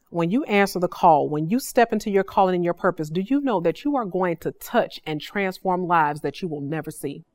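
A woman hosting a faith-based podcast, telling stories in an animated, preacherly way. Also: medium pitch, no room sound. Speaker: podcast host.

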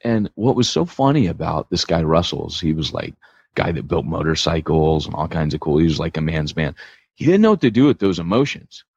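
Male podcast host, low husky voice, animated storyteller, dry lo-fi sound. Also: a little fast, dry recording. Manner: animated storytelling, lots of fillers. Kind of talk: casual podcast chat.

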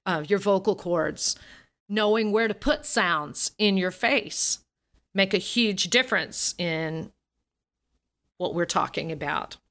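An animated woman who teaches voice and singing, guesting on a podcast. She acts out speaking styles as she explains them and wanders off on tangents. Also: medium pitch, slow pace. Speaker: voice and singing coach.

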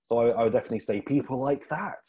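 A man's voice: mid-range voice, very fast, warm tone, slight background noise. A man, a comedian chatting as a podcast guest, rambling with lots of ums and restarts. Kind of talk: casual interview chat.

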